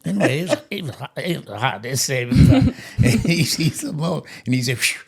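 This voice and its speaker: A man in his eighties, a grandfather, telling a family story in a lively way, laughing as he goes and acting out the quotes. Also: medium pitch, moderate pace, gravelly, breathy edge. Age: 80s. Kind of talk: casual storytelling.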